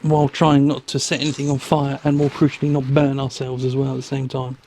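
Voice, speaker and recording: A man's voice: medium pitch, completely flat delivery, fast talker, warm tone, slight background noise. A man explaining motorbike wiring and soldering step by step. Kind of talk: instructional workshop talk.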